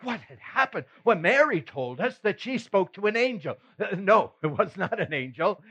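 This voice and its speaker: A man's voice: high-pitched, very animated, moderate pace, sharp tone, slightly rough, full character voice. A man playing Peter, a chuckling old-time fisherman. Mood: animated. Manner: chuckling, folksy storyteller. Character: the apostle Peter, a middle-aged fisherman telling his story. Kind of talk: first-person dramatic monologue.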